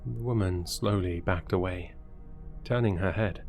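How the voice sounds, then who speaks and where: Low slow guy reading a creepy story, brooding, unhurried. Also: gravelly, a little mellow, soft background music. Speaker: horror story narrator. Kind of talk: scripted first-person horror narration.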